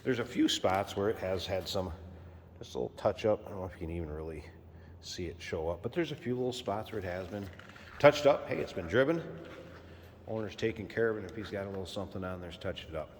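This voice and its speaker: Car salesman, male, low voice, easygoing walkaround pitch, long reverb from a big room. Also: fast, a little hiss or hum. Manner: relaxed, plainspoken, repeats key points.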